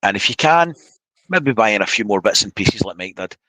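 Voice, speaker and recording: A man's voice: on the low side, animated, fairly quick, sharp tone, dry recording, poor audio. A man hosting a casual live-stream chat, blunt and opinionated with joking banter. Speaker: podcast host.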